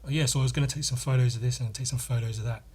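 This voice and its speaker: A man's voice: medium pitch, fairly even intonation, very fast, darkish tone, husky, natural voice. A man mimicking a chatty English student. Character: eager young male English student, well-spoken.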